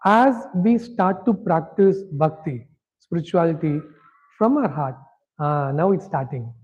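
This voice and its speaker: A man's voice: on the high side, lively intonation, a little slow, a little mellow, highs cut off. A man teaching a scripture class, talking conversationally and often checking that his audience is following. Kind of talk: interactive lecture.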